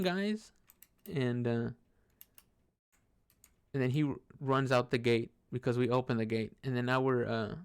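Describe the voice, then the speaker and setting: Gravelly and medium-pitched, a man chats through a personal story as he plays a computer game. The telling is rambling and casual, full of swearing, fillers and restarted sentences.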